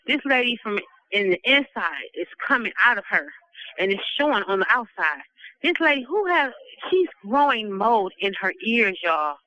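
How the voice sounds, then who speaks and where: A woman's voice: medium pitch, sharp tone, no echo. A nervous woman, calling from prison over a tinny phone line and urgently pleading for help. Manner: urgent, pleading, repeats appeals. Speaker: incarcerated caller. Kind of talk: recorded phone appeal.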